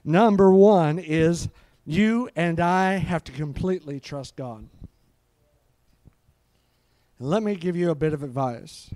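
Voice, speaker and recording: A man's voice: on the high side, warm tone, no room sound. Fervent preacher man, dry close sound. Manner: fervent, peppered with hallelujahs. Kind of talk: live sermon.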